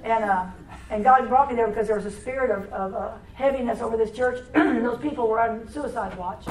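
Woman preacher, highish voice, rapid run-on sermon, echoey church room, faint ambience. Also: a little mellow, slight background noise. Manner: fast, run-on talk with restarts and throat clearing. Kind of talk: charismatic sermon.

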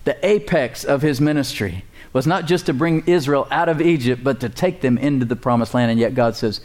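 Man, pastor, sermon, conversational, humorous asides, mid-pitched voice. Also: fairly quick, a little mellow. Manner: conversational preaching with humor and rising emphasis.

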